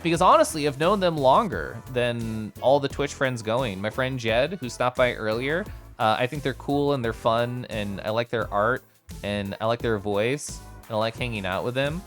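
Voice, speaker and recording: A man from Kansas, live-streaming in casual chat as he reads and answers his chat, playful and quick to laugh. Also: faint music behind. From Kansas, United States. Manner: animated and playful, swings his pitch, laughs often.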